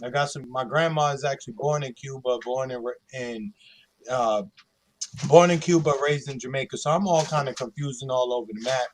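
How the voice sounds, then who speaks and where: A man's voice: medium pitch, moderate pace. A man from New York, a guest on a panel podcast, talking loosely in slang and laughing easily. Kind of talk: casual panel chat.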